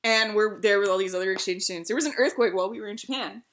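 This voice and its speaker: A young woman streamer telling stories in casual chat, animated and laughing, swearing freely. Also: medium pitch, rapid-fire.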